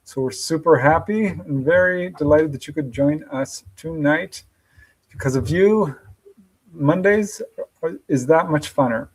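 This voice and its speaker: Upbeat guy hosting a livestream, kinda high voice, reading out chat names and laughing a lot. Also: unhurried, slightly rough, poor audio. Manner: upbeat, greets chat viewers by name, laughs often. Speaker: podcast host.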